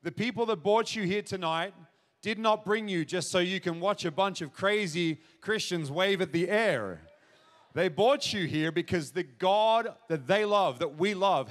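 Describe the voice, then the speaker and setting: A man preaches in a church auditorium, his voice sitting high for a man. He talks straight to the crowd with earnest conviction and pushes into emphatic questions. His words ring out with a long reverberant tail. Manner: earnest, direct address to audience, builds to emphatic questions. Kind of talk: sermon.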